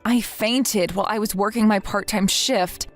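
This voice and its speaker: A woman's voice: mid-range voice, steady tone, moderate pace, soft background music, lightly acted. A woman voicing an exhausted, desperate young mother who speaks in an apologetic, pleading way. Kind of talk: text-message story read aloud.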